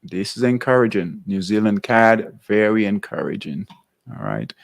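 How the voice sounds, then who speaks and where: A man's voice: on the low side, expressive, normal speed, vocal fry. A man hosting a live trading workshop, thinking aloud over charts and checking in with "all right?" between phrases. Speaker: trading show host.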